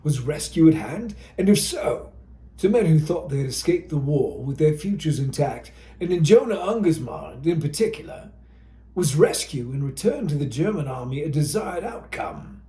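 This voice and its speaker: A man narrating an audiobook with dramatic tension, his voice mellow and somewhat high. The pitch moves expressively, and the room leaves a clear echo. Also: very animated, moderate pace.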